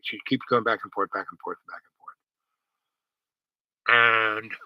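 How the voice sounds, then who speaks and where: A man's voice: on the low side, steady tone, unhurried, no room sound, highs cut off. A man host telling a personal story in a casual, rambling way, full of "you know" and restarts.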